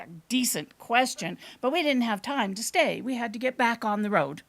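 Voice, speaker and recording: A woman telling a tale live before an audience in a small performance space, with dry, deadpan humor and drawn-out pauses. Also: medium pitch, vocal fry. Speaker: storyteller.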